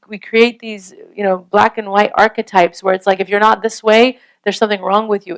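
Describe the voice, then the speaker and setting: A woman's voice: medium pitch, clear, resonant tone, poor audio. A woman giving an earnest, conversational talk on parenting and faith, often checking in with her listeners with a rhetorical question. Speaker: Islamic parenting speaker. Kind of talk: casual lecture.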